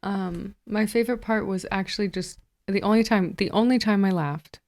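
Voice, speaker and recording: Female podcast co-host, relaxed, quick to laugh, mid-pitched voice. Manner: laughing, easygoing. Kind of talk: casual comedic chat.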